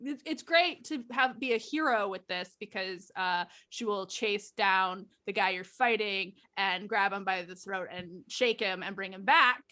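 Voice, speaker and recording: A woman's voice: medium pitch, unhurried, hardly any pauses, sharp tone. A woman guest chatting casually, telling stories with animation and frequent laughter. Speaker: guest author. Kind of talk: casual storytelling chat.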